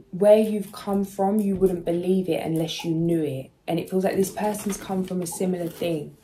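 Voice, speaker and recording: A woman's voice: lowish voice, a little hiss or hum, low-quality recording. A woman giving a soothing spiritual tarot reading to her viewers, speaking emotionally and sometimes searching for words. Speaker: tarot reader. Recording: soft music underneath.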